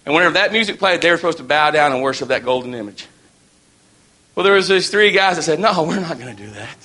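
A man's voice: a little high, lively intonation, fast, bright, forceful tone. A man preaching a sermon in a folksy, storytelling way.

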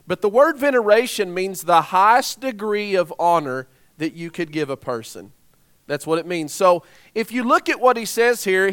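A man in his thirties or forties delivers a sermon with a fairly high voice. He talks in a conversational way, often turning to the congregation with rhetorical questions. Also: fairly bright tone, smooth. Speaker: preacher.

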